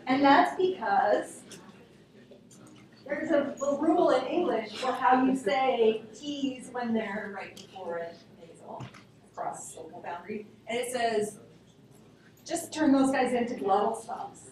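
Woman teacher lecturing on sounds, fairly high voice, far off in a really echoey classroom. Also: a little slow. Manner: lively, informal, asks the class questions. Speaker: linguistics teacher. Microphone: room recording from a distance. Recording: very echoey classroom, distant mic.

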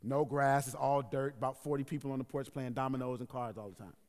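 A male pastor telling a story in a sermon, animated and acting out scenes with sound effects, in a large worship hall. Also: mid-range voice, fast. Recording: echoey hall.

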